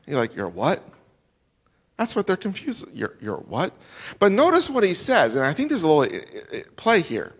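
Male preacher, expository sermon, animated rises and hushed drops, church hall echo. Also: high voice. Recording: long hall reverb.

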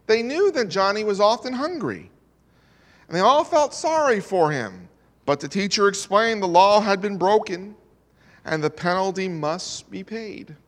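A man's voice: high-pitched, very animated, a little slow, fairly bright tone. A male preacher telling a story in a sermon, earnest and dramatic. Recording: long hall reverb.

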